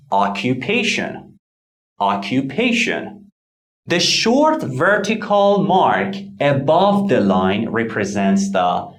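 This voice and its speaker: Slow, animated male pronunciation teacher. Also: mid-range voice, roomy sound. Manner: measured, carefully enunciated delivery with repeated model words. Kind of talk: scripted pronunciation lesson.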